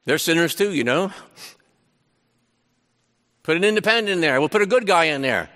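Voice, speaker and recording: A man preaching a sermon, paraphrasing scripture in a conversational, animated way with frequent restarts. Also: a little high, moderate pace, long reverb tail. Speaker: pastor.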